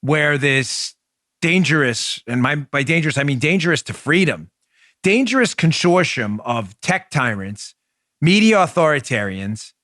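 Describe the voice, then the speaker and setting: A man's voice: a little high, lively intonation, a little slow, a bit bright, no room sound, studio quality. A middle-aged man hosting a podcast, delivering a fired-up political commentary monologue with emphatic, repeated words. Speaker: podcast host.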